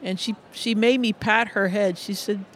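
A middle-aged man with a notably high-pitched speaking voice, talking as a music educator in an interview. He tells stories earnestly, often restarting and repeating words. Faint noise hums behind him. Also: steady tone, normal speed, fairly bright tone. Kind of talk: conversational interview storytelling.

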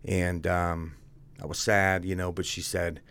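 A man with a very deep voice and plenty of gravelly fry tells his story as a guest. He talks bluntly and conversationally, tossing "dude" at the host. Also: level tone, measured pace, fairly bright tone. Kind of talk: casual candid storytelling.

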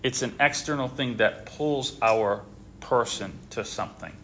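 A man in his thirties leading a casual group Bible discussion, rambling and animated, with frequent restarts. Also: medium pitch, measured pace, a little hiss or hum. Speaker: Bible study leader.

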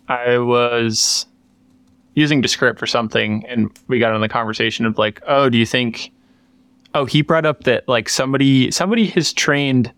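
Clear-voiced man rambling in casual chat. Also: mid-range voice, fairly bright tone, no echo. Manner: rambling, many fillers and restarts. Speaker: podcast co-host. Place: workshop.

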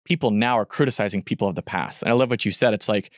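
A man hosting a casual chat, upbeat and affirming, talking in an animated way. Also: lowish voice, fast talker, no echo, clean studio sound.

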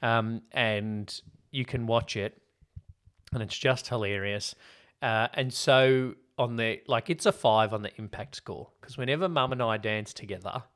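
A chatty man hosting a podcast, who laughs easily as he tells stories. His voice sits at an ordinary pitch in relaxed conversation. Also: measured pace. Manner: chatty, laughs often, storytelling. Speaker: podcast host. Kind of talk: casual film podcast chat.

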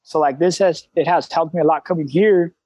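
Guest, man, thirties, high and dry, blunt street talker who cusses freely. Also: a little fast, darkish tone, no room sound, low-quality recording. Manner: candid, streetwise slang, frequent cussing. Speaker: CrossFit coach, guest. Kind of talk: casual interview talk.

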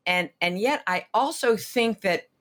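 A woman's voice: mid-range voice, lively intonation, unhurried, fairly bright tone. A woman, a financial advisor being interviewed, explaining with energy and everyday analogies. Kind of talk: animated interview talk.

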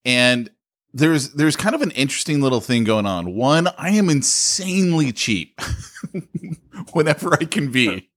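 A man's voice: fairly high pitch, animated, a little slow, a bit bright. A man co-hosting a podcast, telling a story about his own life in casual chat, self-mocking and often laughing. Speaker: podcast co-host.

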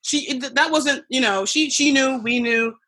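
A woman's voice: sits high, moderate pace, sharp tone, breathy edge. A woman co-hosting a casual pop-culture chat, rambling with many fillers. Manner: chatty, lots of "like", rambling. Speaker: podcast co-host.

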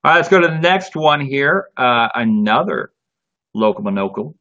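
A man's voice: mid-range voice, normal speed. A man hosting a live streaming show in casual, joking chat. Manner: jokey, lively, self-mocking. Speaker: livestream show host. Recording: dull lo-fi stream audio.

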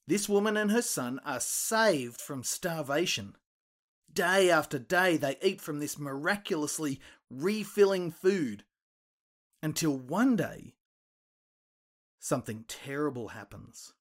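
A man retelling a Bible story for children, lively and expressive, acting out the quoted lines. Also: slow. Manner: animated, acts out quoted voices with big pitch jumps.

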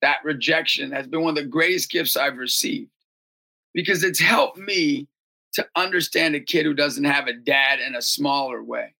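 A gravelly man with a bright, edgy tone tells his stories with great excitement. He swings between low, earnest talk and loud, high-pitched outbursts when he acts out the people in them. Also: moderate pace. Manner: excitable, breaks into shouting and high acted voices in stories. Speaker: ministry leader and basketball coach. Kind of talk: animated storytelling interview.

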